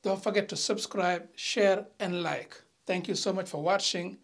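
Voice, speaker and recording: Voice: medium pitch, steady tone, gravelly. Teacher giving a careful online lesson. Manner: slow, careful reading of example sentences; addresses viewers directly, light teasing. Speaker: language teacher.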